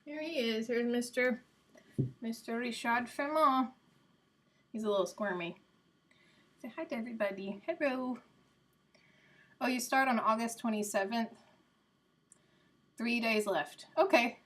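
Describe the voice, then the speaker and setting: A woman's voice: on the high side, measured pace, pauses often. A woman live streaming in casual chat, rambling and answering her viewers by name. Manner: coos softly to her cat.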